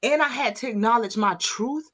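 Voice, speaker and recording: A woman's voice: fairly high pitch, normal speed. A middle-aged woman, a mindset coach, speaking with impassioned, preacher-like fervor and calling out to her listeners. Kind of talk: motivational talk to viewers.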